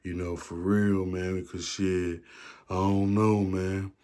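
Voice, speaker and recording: A man's voice: low-pitched, level tone, slow pace, dark tone. A man voicing a shaken, defeated adult male inmate who mumbles in resignation.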